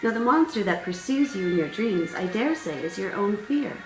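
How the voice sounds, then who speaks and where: A woman's voice: medium pitch, animated, moderate pace, natural voice. A woman voicing a small, wise male caterpillar who talks patiently, with mild exasperation. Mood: lecturing. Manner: patient, lecturing, mildly exasperated. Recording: roomy sound, distant mic, faint music.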